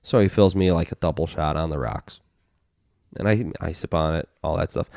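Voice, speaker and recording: Podcast co-host, male, deep low voice, dry close sound; profane rambling storyteller. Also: normal speed, creaky, darkish tone, dry recording. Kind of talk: casual storytelling chat.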